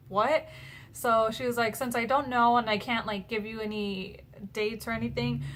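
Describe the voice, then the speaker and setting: A woman's voice: a little high, a bit bright, slight background noise. A young woman chatting casually in a personal vlog, retelling conversations with lots of fillers. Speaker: vlogger.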